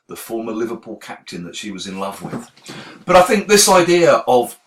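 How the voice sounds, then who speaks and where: A man's voice: medium pitch, a bit bright. A man from England with a regional English accent, giving candid, opinionated reflections as a teacher trainer. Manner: candid, opinionated, self-deprecating. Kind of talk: reflective talk to camera.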